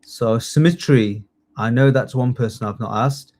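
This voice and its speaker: A man's voice: medium pitch, moderate pace, darkish tone. A man in his thirties, a tutor running a live online quiz lesson, chatty and jokey, reading out multiple-choice questions and praising students by name. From United Kingdom. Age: 30s. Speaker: citizenship test tutor.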